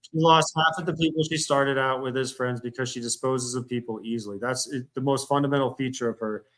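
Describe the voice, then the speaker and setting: A man's voice: medium pitch, steady tone, a little fast, fairly bright tone, poor audio. Heated man ranting bitterly. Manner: bitter, repeats himself, heated. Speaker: streamer. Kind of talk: angry livestream rant.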